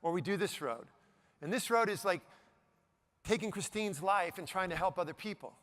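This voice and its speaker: Middle-aged male speaker with a high, bright voice, working the room with jokes and questions. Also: moderate pace. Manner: animated, jokey, asks the audience questions. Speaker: motivational speaker. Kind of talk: live keynote talk to an audience. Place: event stage before a live audience.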